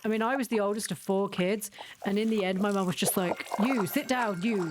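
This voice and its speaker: A woman's voice: mid-range voice, steady tone, fast, noisy background. A young woman streaming a game, chatting casually and sarcastically, often giggling as she rambles. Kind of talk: casual chat while gaming.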